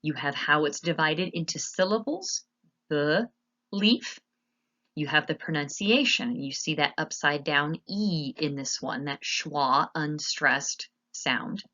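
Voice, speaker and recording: Low-voiced woman teaching a slide lesson. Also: pushed and bright, dull audio. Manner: patient, explanatory, spells words out slowly.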